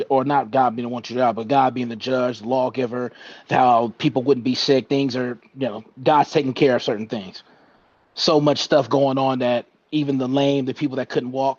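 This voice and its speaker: A man's voice: mid-range voice, a little mellow, no echo, dull audio. A man in a casual Bible study who talks his way through each passage, hesitating and correcting himself as he goes. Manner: hesitant, self-correcting, with fillers.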